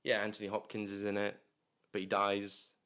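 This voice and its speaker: Guy, low deep voice, rambling movie review vlog, lots of "like" and restarts. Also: monotone, moderate pace, a bit bright, clean tone. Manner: rambling, many restarts and fillers, jokey asides.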